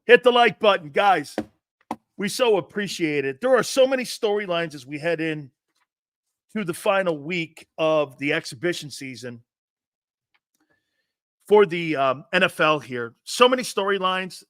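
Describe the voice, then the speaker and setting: A man in his fifties hosting a sports talk show, telling rambling, animated anecdotes with many restarts. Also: on the high side, unhurried, pauses often, no echo, clean studio sound. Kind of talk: casual storytelling and show hosting.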